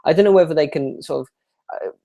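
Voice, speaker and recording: This YouTuber's voice sits on the higher side, gravelly yet warm, and he talks quickly. Running a live Q&A, the young man chats loosely, wanders off topic, and pokes fun at himself while fielding viewers' questions.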